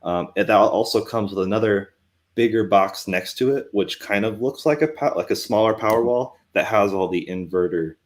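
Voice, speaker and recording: Podcast co-host, male, deep voice, relaxed explanatory delivery. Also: normal speed. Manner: relaxed, explanatory, uses fillers. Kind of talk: casual podcast chat.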